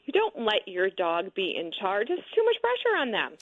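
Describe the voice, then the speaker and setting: A woman's voice: mid-range voice, huge pitch swings, normal speed, no room sound. A chatty woman answers radio interview questions, full of "like" fillers and sure of her advice. The audio is dull and lo-fi. It sounds dry and close. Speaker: guest author, pet sitter.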